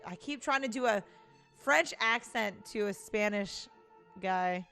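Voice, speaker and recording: A woman's voice: mid-range voice, a little slow, bright, forceful tone, soft background music. A woman hosting a let's play, making self-deprecating asides between game lines. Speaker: gaming channel host.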